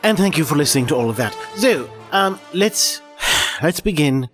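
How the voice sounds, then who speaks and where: A man's voice: fairly high pitch, expressive, moderate pace, fairly bright tone. Guy rambling on his podcast, stumbly, music under him, long echo. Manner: hesitant with many restarts. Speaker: podcast host. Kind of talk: casual chat.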